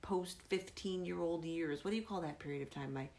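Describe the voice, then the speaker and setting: A woman's voice: on the low side, a little fast, a little mellow. A woman in her forties hosting a podcast, telling rambling personal stories in a casual chat and laughing often. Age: 40s. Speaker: podcast host.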